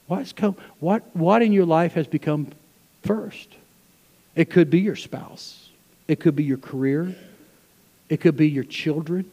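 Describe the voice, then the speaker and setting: A man preaching a sermon to his church, swinging between loud, fervent passages and hushed asides. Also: on the high side, a little slow, long pauses, long reverb tail. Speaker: pastor. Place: church sanctuary.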